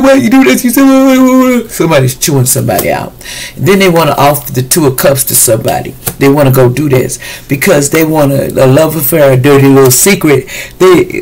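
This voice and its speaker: A man's voice: medium pitch, creaky, a little mellow, slightly rough, low-quality recording. A man giving a casual weekly tarot reading, chatty and slangy, talking straight to his viewers. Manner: chatty, loose and slangy, addresses viewers directly. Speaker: tarot reader.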